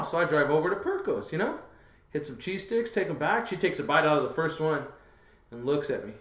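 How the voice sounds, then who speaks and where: A man in his thirties hosting a podcast, telling a lively story and getting loud when he acts out his panic. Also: on the high side, normal speed, roomy sound. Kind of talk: casual storytelling chat.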